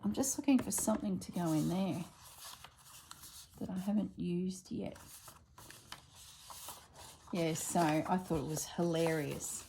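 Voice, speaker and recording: A woman's voice: lowish voice, measured pace, vocal fry, pauses often, dark tone, slight background noise. A woman, chatting and telling stories while she works on a craft project at home. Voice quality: chatty storyteller. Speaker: craft vlogger. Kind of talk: casual chat while crafting.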